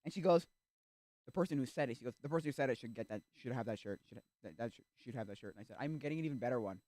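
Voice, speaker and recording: A male streamer in casual chat, rambling with restarts and acting out little quoted exchanges, sometimes breaking into loud rants. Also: mid-range voice, rapid-fire, no echo. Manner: gets loud and ranting.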